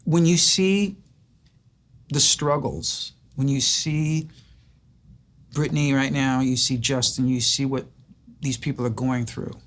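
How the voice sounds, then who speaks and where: A man's voice: medium pitch, fairly even intonation, slow pace, long pauses. An older man hosting an interview, asking long reflective questions that he builds up with stories of his own. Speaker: host. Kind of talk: interview conversation.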